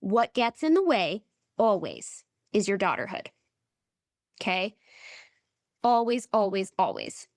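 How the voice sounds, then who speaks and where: A woman's voice: mid-range voice, wildly swooping pitch, slow pace, pauses often, dry recording, studio quality. A woman coach on a podcast, speaking emphatically and often checking in with "right?". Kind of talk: podcast conversation.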